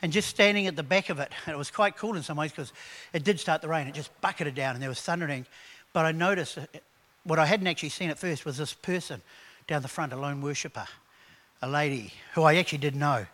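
A man preaching a sermon, animated and conversational, telling stories to his congregation. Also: on the high side, fast. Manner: animated preaching with acted quotes; conversational storytelling. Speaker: pastor.

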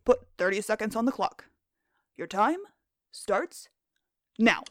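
A podcast host narrates scripted animal facts in a playful, jokey, self-deprecating style, quizzing herself in a game-show bit. Her mid-range voice has lively intonation and a slow pace. The recording is studio quality with no room sound, though some chatter can be heard behind her.

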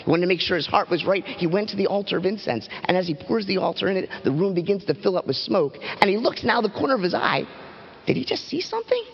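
A man telling a Bible story to children from a church platform in a dramatic, animated storytelling voice. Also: quick pace, vocal fry, hardly any pauses, breathy edge, long reverb tail, muffled recording. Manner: dramatic, animated storytelling with big pitch swings. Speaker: children's pastor.

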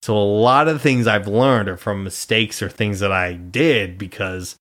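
Low-voiced swearing guy telling stories. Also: moderate pace, fairly bright tone. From Nebraska. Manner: swears freely, storytelling with quoted voices. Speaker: podcast host as guest. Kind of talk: casual chat.

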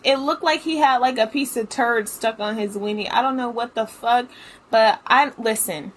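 A woman's voice: a little high, moderate pace. Chatty, profane young woman telling a story. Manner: chatty, profane, filler-heavy with lots of "like". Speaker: podcast host. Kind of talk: casual storytelling.

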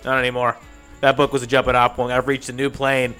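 A man's voice: mid-range voice, monotone, fast, pushed and bright, clear, resonant tone, faint music behind, natural voice. A man playing a sleepless, frantic coach who lectures defensively about his writing.

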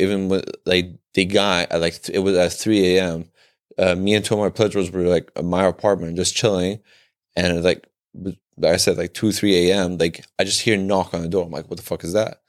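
A young man with a very low, deep voice tells a personal story in casual podcast chat. He rambles, leans on "like" between phrases and swears freely. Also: flat delivery, moderate pace. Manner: rambling, heavy on "like" fillers and swearing. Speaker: podcast co-host.

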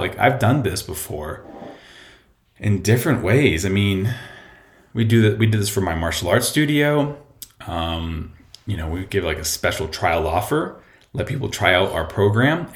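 Low-voiced guy rambling on his podcast from home, lots of ums, echoey room. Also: expressive, moderate pace. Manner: rambling, conversational, many fillers and restarts. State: a bit out of breath. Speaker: podcast host. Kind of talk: casual solo podcast talk.

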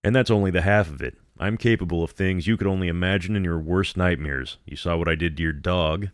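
A cruel young woman who is the heroine's evil double gloats and sneers in a deep, low register, as a male narrator puts her on. The delivery is dry and close, with no room sound around it. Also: fairly quick, dry recording, natural voice. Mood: contemptuous. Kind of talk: horror story reading.

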